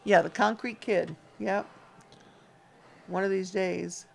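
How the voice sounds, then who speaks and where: Woman, homestead livestream co-host, gravelly voice, chatty, reads viewer comments. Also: medium pitch, fairly even intonation, slow pace, a little mellow, slight background noise. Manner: chatty, teasing, reads viewer names aloud. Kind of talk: casual live chat reading viewer comments.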